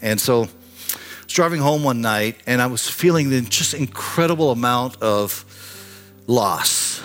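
Pastor, man in his 60s, earnest sermon storytelling, impassioned to hushed, faint music behind. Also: medium pitch, lively intonation, unhurried. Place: church sanctuary.

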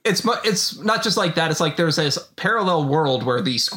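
Male podcast co-host, bright, fairly high voice, rambling, laughs a lot. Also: expressive, normal speed. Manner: laughs often, loose and rambling. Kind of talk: casual chat.

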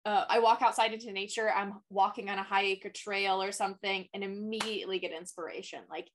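A woman's voice: mid-range voice, steady tone. A woman co-hosting a casual podcast interview, agreeing readily and sharing her own experience. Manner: agreeable, quick affirmations. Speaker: podcast co-host.

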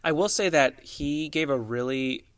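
Measured man in dry gossip chat. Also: fairly high pitch, a bit bright, smooth, no echo. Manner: measured, analytical, mimics people he quotes. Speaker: podcast co-host.

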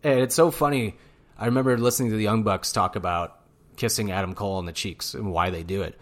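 A man co-hosting a podcast in casual chat, rambling from point to point with an excitable, profane manner. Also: on the low side, fast talker. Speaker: podcast co-host. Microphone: studio mic.

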